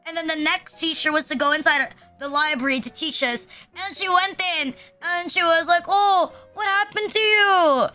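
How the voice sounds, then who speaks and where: A woman's voice: sits high, steady tone, moderate pace, hardly any pauses, bright, forceful tone, soft background music. A young woman, rambling through a story in a casual chat stream and heaping fillers and self-deprecating asides as she goes. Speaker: VTuber streamer.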